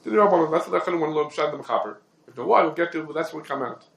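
A man giving a Talmudic lecture, reasoning fast through questions and answers. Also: fairly high pitch, lively intonation, creaky, roomy sound. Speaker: Torah teacher.

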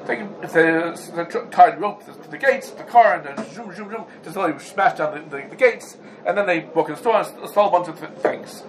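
High-voiced man giving a Talmudic lecture. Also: brisk, a little hiss or hum, poor audio. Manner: animated, repeats and restarts, rhetorical questions. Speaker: Torah teacher.

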